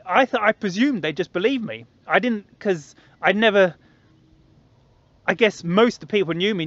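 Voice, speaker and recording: A vlogger in his late thirties, whose voice sits a little higher than most men's and sounds a bit bright, tells his own story in a loose, rambling monologue. He repeats himself often and slips into other people's voices to act out their reactions. The lo-fi audio is somewhat muffled, with no room sound.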